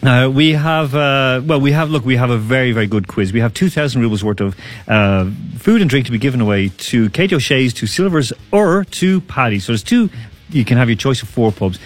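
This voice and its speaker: A man's voice: medium pitch, expressive, brisk. Man, sports radio host, studio, loose rambling chat, jokey asides. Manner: rambling, jokey, full of fillers and restarts.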